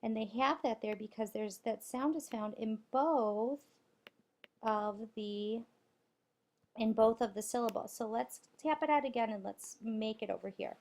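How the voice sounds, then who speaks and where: A woman teacher giving a recorded spelling lesson to young children, spelling out letters and clapping out syllables deliberately. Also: fairly high pitch, a little mellow.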